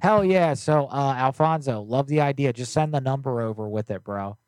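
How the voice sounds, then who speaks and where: A young man hosting a prank call show, joking loudly and rambling in casual chat. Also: mid-range voice, normal speed, no echo.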